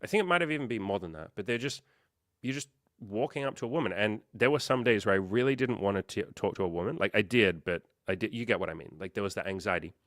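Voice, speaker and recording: A low-pitched man hosts a casual livestream, chatting straight to his viewers. He rambles through stories with loads of fillers and the odd curse word, sounding open and unfiltered. The sound is dry and close, with no room around it. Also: animated, quick pace, a bit bright, no echo. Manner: candid, profane, rambling storyteller with lots of fillers. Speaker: dating coach hosting a livestream.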